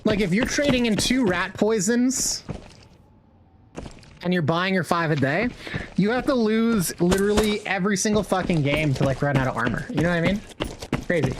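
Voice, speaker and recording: A man's voice: high-pitched, normal speed, background noise. A young man streaming a game, chatting casually in a rambling, slangy way with lots of swearing. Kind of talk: casual chat while gaming.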